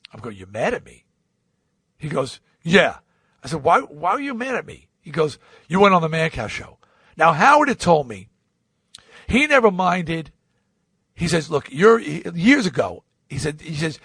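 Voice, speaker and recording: Animated man telling a story. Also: a little high, no room sound, studio quality. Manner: animated, acts out both sides of conversations; blunt and profane. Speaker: podcast host. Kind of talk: storytelling monologue.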